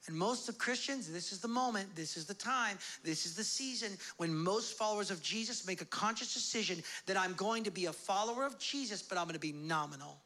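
A man's voice: high-pitched, expressive, brisk, few pauses, pushed and bright. A man preaching a sermon as pastor, telling a Bible story with humor and acting out its characters.

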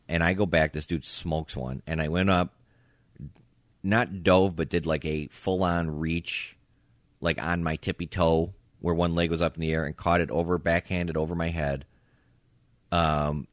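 Male podcast co-host, low voice, dry close mic, animated storyteller who voices both sides of an argument. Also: no echo. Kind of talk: casual podcast chat.

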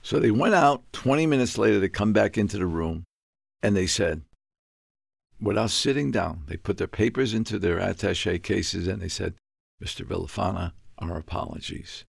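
An older man from Puerto Rico spins a long story in an interview. His voice sits low, gravelly and a little husky. He acts out every exchange, and his pitch jumps high when he gets worked up. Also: normal speed, no room sound, clean studio sound. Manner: animated, acts out dialogue with sudden high-pitched outbursts. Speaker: guest.

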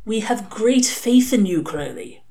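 A woman's voice: medium pitch, lively intonation, measured pace, dark tone, voice pushed up. A woman voicing a commanding, ominous infernal male lord in a storybook reading. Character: booming infernal male lord speaking through the radio.

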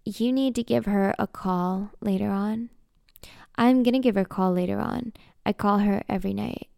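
Gravelly sassy woman narrating a story. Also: mid-range voice, normal speed, dark tone, no room sound, clean studio sound. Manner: sassy, spoiled-brat attitude in dialogue. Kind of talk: first-person audio drama narration.

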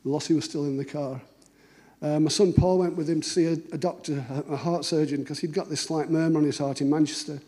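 Man, middle-aged, mellow tone, slightly high voice, anecdotal storytelling. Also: fairly even intonation, brisk. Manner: conversational, anecdotal, acts out dialogue. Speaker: cartoonist giving a talk. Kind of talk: storytelling talk.

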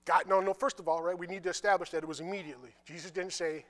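A man preaching a sermon, reading scripture and retelling it in casual, conversational dialogue, with quiet asides in between. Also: sits high, very fast. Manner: animated, drops to quiet asides.

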